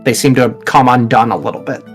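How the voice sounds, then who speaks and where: A man's voice: mid-range voice, steady tone, fast, faint music behind. A man narrating a tabletop game as game master, in a casual, rambling way with many fillers.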